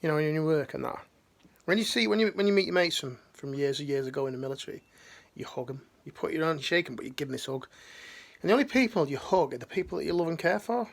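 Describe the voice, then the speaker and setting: A man's voice: on the high side, quick pace, vocal fry. A middle-aged man, talking earnestly and slangily, rambling with restarts in a motivational talk. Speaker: life coach, ex-military.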